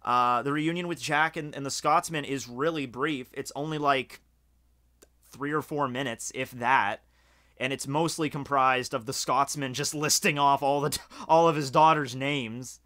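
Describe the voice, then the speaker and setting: A man from Scotland giving casual, rambling video commentary, excited and swearing freely, with lots of fillers. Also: mid-range voice, moderate pace. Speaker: video reviewer.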